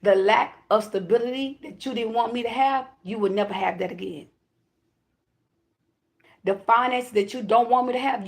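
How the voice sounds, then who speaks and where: Gravelly woman delivering a spiritual message. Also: mid-range voice. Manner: emphatic, repetitive declarations with casual profanity. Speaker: self-described high priestess giving a spiritual reading. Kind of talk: channeled spiritual message to viewers.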